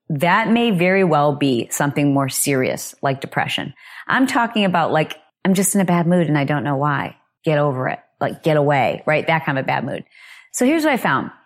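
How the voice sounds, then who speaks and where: Casting: female podcast host, slightly low voice, chatty and expressive, relaxed solo monologue. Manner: chatty and expressive, frequent "like" fillers.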